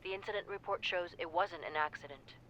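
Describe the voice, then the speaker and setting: An actor playing a calm, protective captain of a hunters' group in a video game, speaking in a steady, reassuring way. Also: medium pitch, brisk, muffled recording, a little hiss or hum, lightly acted. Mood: concerned.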